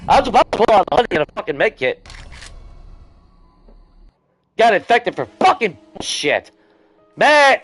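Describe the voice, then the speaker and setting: A man's voice: high-pitched, big pitch swings, very fast, slightly rough, soft background music. Swearing, ranting male game streamer. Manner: angry ranting, heavy swearing. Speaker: gaming streamer. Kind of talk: live gameplay stream commentary.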